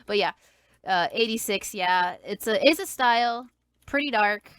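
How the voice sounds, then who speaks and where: A young woman rambles through a casual podcast chat, piling up fillers and restarts. She puts on animated little voices whenever she quotes someone. Her voice sits mid-pitched and is recorded close and dry. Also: measured pace, smooth, dry recording. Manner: animated when quoting people. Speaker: podcast co-host.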